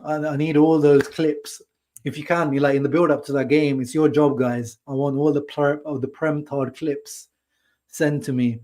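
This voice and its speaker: A man's voice: a little high, flat delivery, normal speed, darkish tone. A man hosting a live post-match football reaction stream, talking casually and laughing often. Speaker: football channel host.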